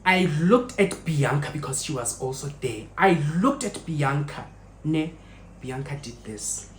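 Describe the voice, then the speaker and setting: A South African woman vlogger telling a story while she cooks in her home kitchen. She is an expressive storyteller who mixes in local phrases and talks directly to her viewers. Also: deep voice, measured pace, echoey room, slight background noise, low-quality recording.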